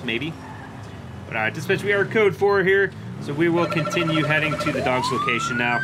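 A young man narrates his police game in a chatty, conversational way, slipping into clipped radio lingo when he calls dispatch. His voice sits a touch high and moves up and down a lot. Game sounds come through clearly behind him. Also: background noise. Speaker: gaming YouTuber playing a police officer. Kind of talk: casual gameplay commentary with in-character radio talk.

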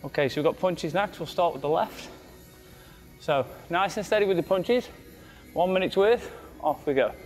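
A man with a high-sitting, darkish voice leads a cardiac rehab exercise circuit at a moderate pace, giving short counted cues while slightly out of breath. He's coaching an exercise class, with faint background music behind him.

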